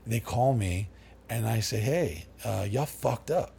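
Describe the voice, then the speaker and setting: A man's voice: on the low side, measured pace, gravelly, a little hiss or hum. A middle-aged man, a podcast guest, telling stories in a loose, profane way and acting out what people said. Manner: profane, animated, acts out quoted dialogue. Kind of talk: casual storytelling interview.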